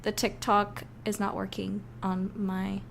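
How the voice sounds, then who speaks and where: A woman's voice: medium pitch, completely flat delivery, a little slow, gravelly, slight background noise. A woman game developer chatting casually and rambling on a live stream, often breaking into giggles.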